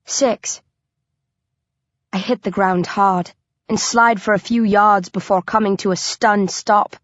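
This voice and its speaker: A woman's voice: mid-range voice, steady tone, takes it slowly, no echo. A woman reading a first-person thriller audiobook, with tense, vivid storytelling. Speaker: audiobook narrator. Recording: dry, dull lo-fi recording.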